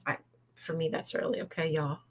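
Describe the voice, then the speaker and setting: A woman with a slightly low voice, chatting loosely on a live stream. She is sarcastic and talkative and swears without a second thought. It is relaxed, unscripted banter. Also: fairly quick. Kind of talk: casual live-stream chat.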